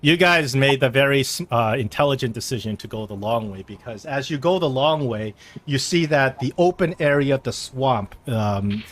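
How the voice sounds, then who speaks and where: A man narrating as game master of a tabletop game, halting with many restarts and fillers. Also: medium pitch, expressive.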